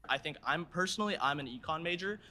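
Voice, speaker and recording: A man's voice: a little high, lively intonation, fast, crowd noise. A young man, a college student, politely but persistently questioning a debater. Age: young adult. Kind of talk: campus debate.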